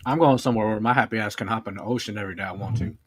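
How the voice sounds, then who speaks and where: A man joining a casual chat, talking in a quick, breezy way. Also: on the low side, fairly bright tone, a little hiss or hum.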